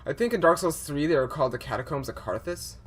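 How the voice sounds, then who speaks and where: A man's voice: fairly high pitch, lively intonation, quick pace, a bit bright. A young man commentating a horror game he is playing, rambling with lots of fillers and restarts, easily startled. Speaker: gameplay commentator.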